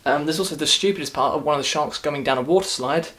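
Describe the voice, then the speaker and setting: A man's voice: on the high side, quick pace, fairly bright tone. A man giving a casual, sarcastic movie review rant, rambling and restarting as he goes.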